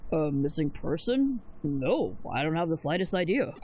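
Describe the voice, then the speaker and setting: A woman's voice: low voice, sing-song, normal speed, darkish tone, slightly rough, pitched below the performer's own voice, exaggerated voice, low-quality recording. A woman voicing a polite middle-aged father who answers courteously but evasively. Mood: guarded.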